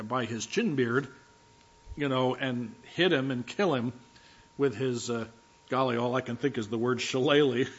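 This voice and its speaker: A man's voice: medium pitch, fairly bright tone. A man preaching a sermon as a pastor, talking conversationally with humorous, self-deprecating asides and frequent restarts. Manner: frequent restarts and filler words. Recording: dull lo-fi recording.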